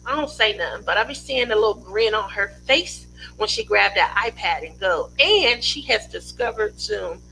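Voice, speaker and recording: A woman's voice: medium pitch, animated, normal speed, vocal fry, sharp tone, a little hiss or hum, rough recording. A woman hosting a casual craft livestream from her home studio, chatty and rambling, laughing often.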